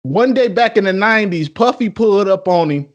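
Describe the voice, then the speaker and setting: A man's voice: high-pitched, animated, brisk, muffled recording. A man hosting a podcast, asking questions in a laid-back casual way, full of fillers. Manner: laid-back, many yeahs and you-know fillers. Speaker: podcast host.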